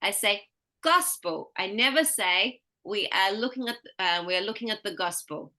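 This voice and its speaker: Bright-voiced patient English teacher. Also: female voice, medium pitch, moderate pace. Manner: patient, encouraging, explains step by step. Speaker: pronunciation teacher. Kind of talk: online one-to-one tutoring.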